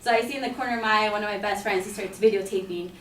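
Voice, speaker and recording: A woman's voice: medium pitch, steady tone, rapid-fire, a bit bright, a little hiss or hum. A woman casually telling a personal anecdote, chatty and full of "like" and "you know". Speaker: storyteller. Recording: roomy echo, mic at a distance.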